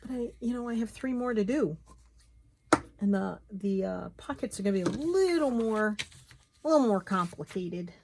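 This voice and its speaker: A woman's voice: mid-range voice, animated, moderate pace, background noise. A middle-aged woman chatting casually while she crafts, muttering to herself as she works.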